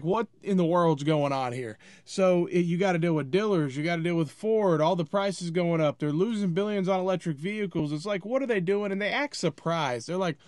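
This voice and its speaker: A man's voice: sits high, no room sound, clean studio sound. A man giving a casual, blunt opinion rant to camera, sounding exasperated and repeating himself. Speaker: automotive commentator.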